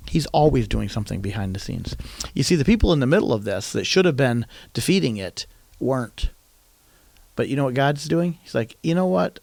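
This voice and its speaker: A man's voice: medium pitch, lively intonation, fairly quick, creaky, darkish tone, dry recording. A man preaching a sermon, retelling a story animatedly and acting out quoted lines in a raised voice.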